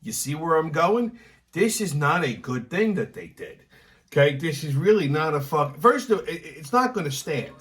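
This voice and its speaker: A man's voice: a little high, very animated, moderate pace, a bit bright. A man hosting his own political commentary show, ranting angrily and emphatically with constant swearing. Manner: angry, emphatic, repeats himself, swears constantly. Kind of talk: profane ranting monologue.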